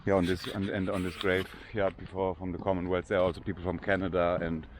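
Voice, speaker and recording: A man's voice: deep voice, flat delivery, fast, a little hiss or hum. An older man with a German accent, chatting casually in unpolished English while walking through a large cemetery for his vlog. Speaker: vlogger.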